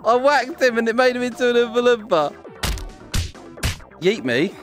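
Playing through a game on video, a young male host laughs a lot and teases other players in playful commentary. He has a very high, slightly bright voice with lively intonation and a moderate pace, and faint music can be heard behind him.

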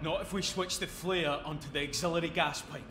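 Level-headed rig boss, directive, echoey game audio. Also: male voice, fairly high pitch, a little fast, a little hiss or hum. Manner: instructive, steady. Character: calm male rig supervisor giving orders. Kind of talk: video game voice acting.

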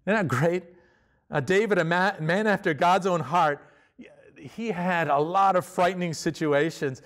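A man's voice: high-pitched, a little slow, a bit bright. Man preaching a conversational sermon. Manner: conversational preaching with frequent restarts and fillers. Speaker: pastor.

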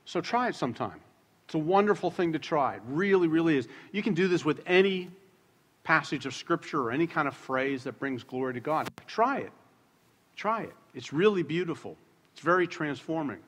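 A middle-aged male pastor preaching a sermon in a church, conversational and joking at times, slowing down to stress key words. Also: a little high, lively intonation, a bit bright. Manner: conversational, jokes with the congregation, slows down to stress words. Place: church sanctuary. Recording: long church hall reverb.

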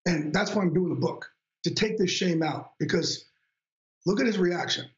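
Earnest man with a very deep, roomy sound. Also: normal speed, highs cut off. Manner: earnest, open storytelling with quoted dialogue. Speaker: guest author. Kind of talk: candid talk-show conversation.

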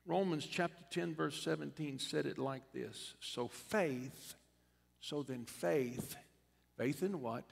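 A man preaching a sermon as a bishop, in a church sanctuary, with a preaching cadence that rises to loud repeated refrains. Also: a little high, slow pace, creaky, breathy edge. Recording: long reverb of a church hall.

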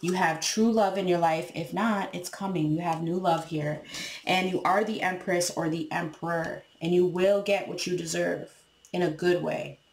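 A woman's voice: fairly low pitch, fairly even intonation, normal speed, darkish tone, roomy sound, a little hiss or hum. A woman giving a casual tarot reading to her viewers, talking frankly, swearing freely and laughing as she acts out what people say. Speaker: tarot reader.

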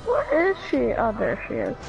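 A woman's voice: fairly high pitch, huge pitch swings, normal speed, creaky, dull audio. A woman chatting while playing a video game, amused and commenting on her friend. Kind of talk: casual gameplay chat.

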